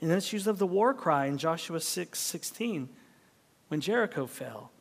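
A man preaching a sermon as pastor, animated, at times dropping to a hushed whisper. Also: on the high side, normal speed, gravelly, long reverb tail.

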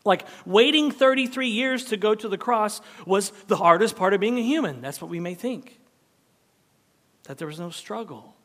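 Pastor, male, higher voice, lively sermon delivery with sudden whispered asides; long hall reverb. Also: normal speed. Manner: animated preaching, dropping to a hushed whisper for emphasis.

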